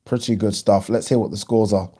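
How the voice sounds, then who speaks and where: A man hosting a casual live stream, chatting and reading viewer comments aloud in an animated way. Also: fairly low pitch, brisk. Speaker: boxing channel host.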